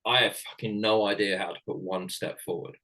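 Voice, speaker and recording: A middle-aged man from Britain recounts his past in a frank, halting way, often restarting his sentences. His voice is low and has a forceful, bright edge. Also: fairly even intonation, poor audio. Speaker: former ice hockey player and coach, guest. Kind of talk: candid personal storytelling.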